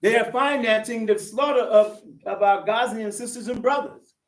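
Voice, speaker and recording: A man's voice: very high-pitched, moderate pace, roomy sound, far from the mic, poor audio. An older man giving an impassioned, fiery conference speech, calling out to the audience as sisters and brothers in a preacherly way. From United States. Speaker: conference speaker, activist.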